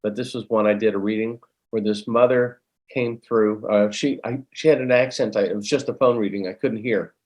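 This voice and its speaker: A middle-aged man, a guest medium, telling a story in an animated, conversational way. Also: fairly low pitch, normal speed.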